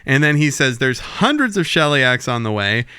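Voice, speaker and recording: A man co-hosting a chatty podcast, bright and forceful in tone with a smooth, crisp voice. He retells scenes with animated energy and plenty of swearing. The sound is dry and close. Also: mid-range voice, normal speed, no echo. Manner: animated, profane, acts out quotes. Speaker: podcast co-host. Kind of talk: casual chat recapping a TV episode.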